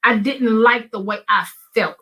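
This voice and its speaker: A woman's voice: on the high side, steady tone, measured pace, sharp tone. A pastor's wife sharing her experience candidly, speaking earnestly and directly to listeners. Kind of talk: candid conversational testimony.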